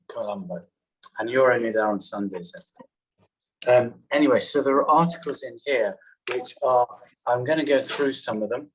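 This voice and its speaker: A man's voice: mid-range voice, slight background noise, rough recording. A man giving a talk to a class over a video call, chatty and apologetic, with rambling asides. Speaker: guest teacher on a video call.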